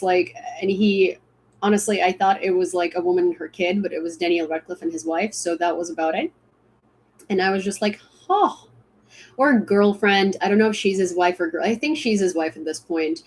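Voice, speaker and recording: A woman's voice: on the low side, a little mellow. A young woman hosting a casual livestream, rambling with many fillers and restarts as she tells a story. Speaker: livestream host.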